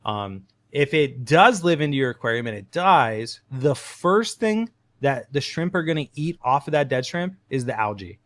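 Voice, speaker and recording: A man who is a podcast guest, explaining things in a friendly, casual way with quick asides. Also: mid-range voice, very animated, a bit bright, no room sound. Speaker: podcast guest, shrimp breeder.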